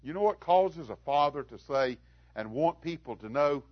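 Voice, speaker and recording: Man preaching a sermon, fairly high voice, swings from loud to hushed, dry close sound. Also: expressive, moderate pace, dry recording, highs cut off.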